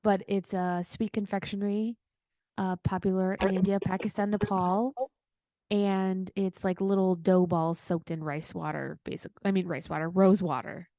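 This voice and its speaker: A woman co-hosting a podcast in casual chat, calmly explaining details. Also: mid-range voice, moderate pace, no room sound, clean studio sound. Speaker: podcast co-host.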